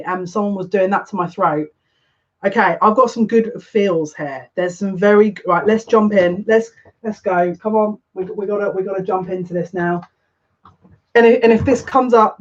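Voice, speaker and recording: A psychic with a mid-range voice does a live tarot reading for viewers, rushing along excitedly and breathlessly, with sentences that keep breaking off and starting over. The stream audio sounds dull and lo-fi.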